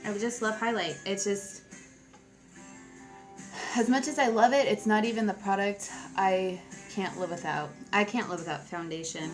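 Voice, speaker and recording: A woman's voice: medium pitch, normal speed, over music, rough recording. A young woman chatting casually through a makeup tutorial, giggly and self-mocking, with offhand asides. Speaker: beauty vlogger.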